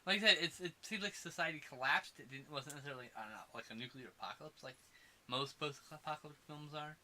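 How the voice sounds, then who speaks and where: Bright, excitable man reviewing a movie. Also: a little high, quick pace. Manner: excitable, swearing, laughs often. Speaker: podcast co-host. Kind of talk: casual movie review chat.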